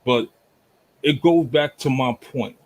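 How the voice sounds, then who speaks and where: A man from Jamaica arguing forcefully in a heated online debate, pushing through interruptions. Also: medium pitch, takes it slowly, low-quality recording. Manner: forceful, repeatedly talks over interruptions.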